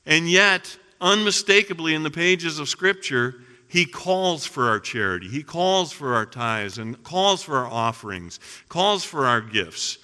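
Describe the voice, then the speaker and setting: A middle-aged male pastor preaches in a sharp, very bright, fairly high voice with a clean tone, animated yet unhurried and with hardly any pauses. He drives his points home with rhetorical questions, moving between ringing emphasis and near-hushed passages. The long reverb of a large sanctuary surrounds him.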